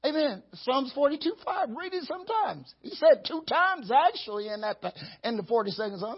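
A man preaching a lively sermon as pastor, chuckling and acting out how he talks to himself. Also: very high voice, moderate pace, breathy edge, muffled recording.

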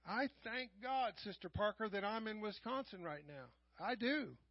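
A middle-aged man preaching a sermon in church, swinging from quiet asides to loud raised passages. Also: high voice, animated, moderate pace, dry recording. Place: church sanctuary. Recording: dull, lo-fi church live stream.

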